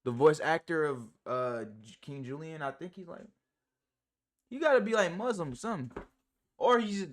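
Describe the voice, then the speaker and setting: A man streaming live and reacting to clips in casual chat, slangy and profane, rambling with many fillers and big jumps in pitch and loudness. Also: moderate pace.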